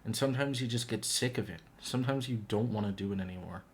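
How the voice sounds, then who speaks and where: A man's voice: fairly low pitch, quick pace, slight background noise. A man hosting a reaction video, talking to the camera into a microphone in an earnest, reflective way that often searches for words. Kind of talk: casual earnest reaction talk.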